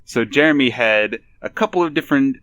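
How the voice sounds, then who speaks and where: A man co-hosting a podcast, chatting in a relaxed, knowing way as a fan of the show. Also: medium pitch, a little fast, dry recording, dull audio. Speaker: podcast co-host. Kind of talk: casual podcast discussion.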